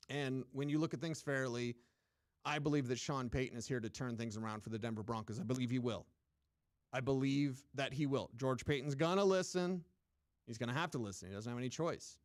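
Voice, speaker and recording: A man's voice: mid-range voice, fairly quick, no echo, clean studio sound. A man hosting a sports radio show, giving emphatic, opinionated talk and mocking people in put-on voices. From United States. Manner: emphatic, repetitive, mocking mimicry.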